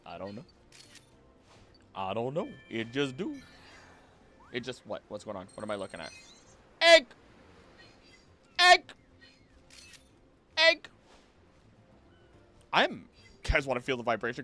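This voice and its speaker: Bright, lively male game streamer. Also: mid-range voice. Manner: playful, chatty, talks to the game creatures and chat. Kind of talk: live gameplay commentary.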